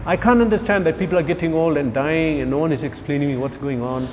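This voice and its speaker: A man gives a lively scripture class, firing questions at his listeners and joking along the way. His voice sits a little high. The sound has a long hall echo, with faint traffic noise behind it. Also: fast talker. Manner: animated, rhetorical questions, jokes with listeners. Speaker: spiritual teacher.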